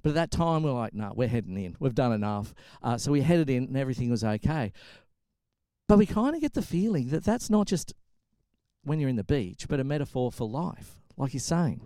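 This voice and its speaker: A man's voice: a little high, darkish tone, no room sound. A man preaching a sermon, telling a story and pressing his point with emphatic repetition. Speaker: pastor.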